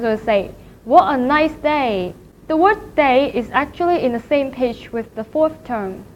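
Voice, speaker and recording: Woman teacher drilling syllables slow and careful, faint hiss under a muffled recording. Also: high-pitched. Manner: slow, careful, repeats each syllable to demonstrate tones. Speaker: language teacher. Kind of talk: recorded lecture. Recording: dull lo-fi recording with faint noise.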